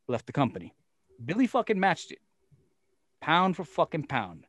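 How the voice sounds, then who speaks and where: A man as an interview guest, telling a long story in a profane, animated way and acting out what people said. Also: a little high, moderate pace, dry recording. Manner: profane, animated storyteller who acts out quotes. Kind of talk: casual storytelling.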